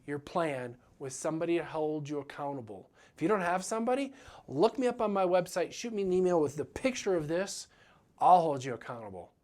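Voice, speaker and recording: Earnest man coaching business owners. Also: on the high side. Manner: earnest, coaching, acts out clients' voices. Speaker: dental practice coach. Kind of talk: motivational business talk.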